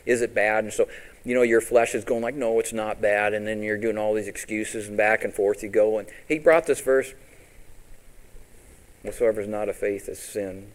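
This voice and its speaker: A man's voice: lowish voice, steady tone, normal speed, rough recording. A man preaching a sermon as pastor, quoting scripture and asking his congregation questions, with big rises and drops for emphasis.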